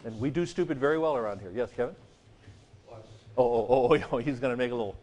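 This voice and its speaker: A man lectures a class in a mid-pitched, everyday voice. He keeps it light and joking. To make a rule memorable he sings short vowel sounds. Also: fast, pauses often, darkish tone. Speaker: Greek teacher.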